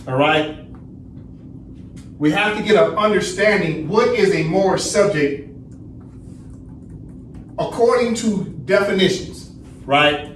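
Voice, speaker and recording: A man's voice: high-pitched, slow, pauses often. A man teaching a study session, asking the class questions and answering them himself, checking in with "right?" again and again. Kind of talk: lecturing class. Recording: roomy echo, distant mic, faint noise.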